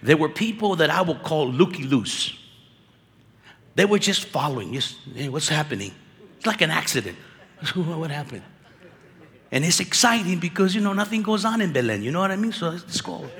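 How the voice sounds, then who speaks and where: Man, conference preacher, lively and slangy, somewhat high voice, long hall echo. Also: a little fast. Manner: animated, conversational preaching with slang. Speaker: conference speaker. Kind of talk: sermon. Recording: echoey hall reverb.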